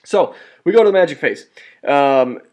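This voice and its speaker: Excitable man recapping a tabletop battle. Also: on the high side, normal speed. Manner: rambling and excitable, often restarts and corrects himself; mild cursing and exclamations. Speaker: tabletop wargame battle report presenter. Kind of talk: casual play-by-play narration over photos.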